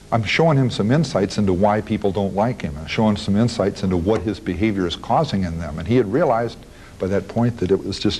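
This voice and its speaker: A man's voice: on the low side, a little mellow, a little hiss or hum, low-quality recording. A man recounting events in an archival interview, plain-spoken and blunt, rambling through his recollections.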